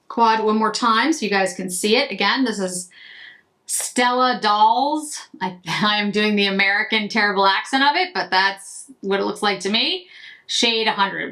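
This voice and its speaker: Woman, beauty vlogger, casual makeup chat, rambling, self-interrupting, mid-pitched voice. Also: a bit bright.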